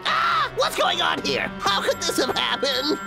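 A squeaky gravelly cartoon lumberjack. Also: female voice, huge pitch swings, a little slow, loud music behind the voice, heavily acted. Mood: frantic. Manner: whiny, jumpy, lots of grunts and gasps. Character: bumbling jittery male lumberjack, grumpy and easily spooked. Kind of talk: animated film dub.

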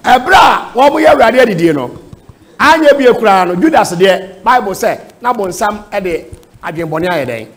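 A man's voice: high voice, big pitch swings, moderate pace. A man with a Ghanaian accent teaching at a church seminar, emphatic and firing rhetorical questions at his listeners. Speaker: preacher answering questions. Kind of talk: seminar teaching in Twi and English.

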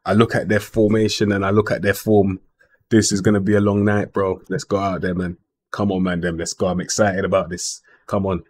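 Young man, low-pitched, slangy game commentary full of exasperated rants. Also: fairly quick. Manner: animated slangy rants, frustrated outbursts. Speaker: gaming YouTuber. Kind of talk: football manager game commentary.

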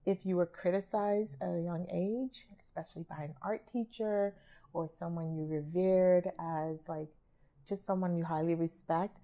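Mellow-voiced woman art therapist. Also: on the low side, fairly even intonation, moderate pace. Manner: chatty, acts out quoted remarks. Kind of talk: podcast interview.

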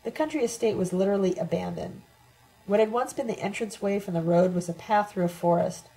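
A woman reading a first-person letter aloud in a steady, measured way, as an audiobook reader. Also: medium pitch, poor audio.

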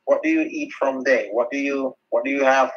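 A man's voice: mid-range voice, steady tone, normal speed. A man on a phone call who talks in a cloying, sweet-talking way, repeating pet names. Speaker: phone scammer.

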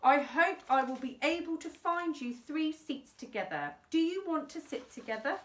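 An ever-eager woman vicar , voiced by a woman reading a storybook, gushing and high-pitched. Her welcomes swoop up and down. The room around her echoes. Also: sing-song, normal speed, fairly bright tone.

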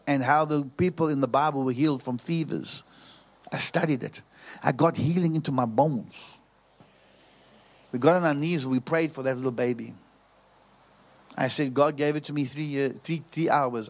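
A man preaching, telling a story and repeating phrases for emphasis. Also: medium pitch. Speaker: pastor. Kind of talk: preaching sermon.

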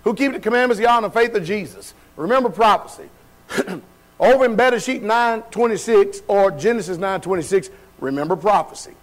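A man's voice: sits high, lively intonation, fairly quick, rough recording. A male pastor preaching a sermon in a church, putting questions to his congregation and talking in a loose, colloquial way. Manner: colloquial, laughs at his own remarks, shifts between loud and quiet. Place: church sanctuary.

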